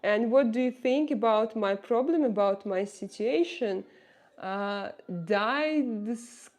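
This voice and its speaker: A woman with a Russian accent, a native Russian speaker, chatting on a live stream, reading viewer comments aloud and talking straight to them with many halting fillers. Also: on the high side, a little mellow. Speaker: livestreamer.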